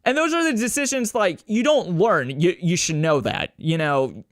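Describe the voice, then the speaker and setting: This young man runs his podcast alone, speaking at a normal pace in a high voice as he rambles, swears, and jokes at his own expense. He animatedly does impressions of people in a raised voice, recorded dry in studio quality.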